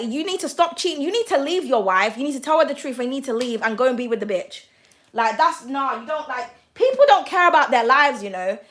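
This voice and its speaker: High-voiced blunt woman. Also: a bit bright. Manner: blunt, profane, ranting. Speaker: tarot and astrology reader. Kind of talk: livestream chat.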